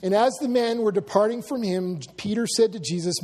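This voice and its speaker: A man's voice: high-pitched, brisk, darkish tone. A man giving a casual Bible teaching, musing aloud with asides and acted-out quotes.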